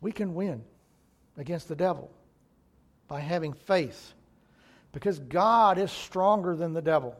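A man's voice: on the high side, unhurried, long pauses. A male pastor preaching a sermon in an emphatic way, repeating key phrases for weight.

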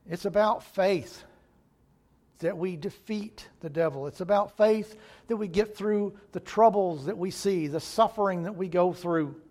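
A man's voice: high voice, a little slow, darkish tone. A male pastor preaching a sermon in an emphatic way, repeating key phrases for weight.

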